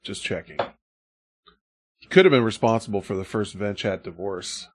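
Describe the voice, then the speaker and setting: A man's voice: on the low side, moderate pace, dry recording, clean studio sound. A man hosting a podcast, chatting casually, laughing often and reading listener letters aloud. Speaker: podcast host.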